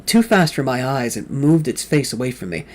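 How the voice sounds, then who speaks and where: A man's voice: mid-range voice, expressive, moderate pace. Man giving a dramatic novel reading. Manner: reads with rising intensity, quoted lines shouted or whispered; occasional slips and self-corrections mid-sentence. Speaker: fan reader of a novel.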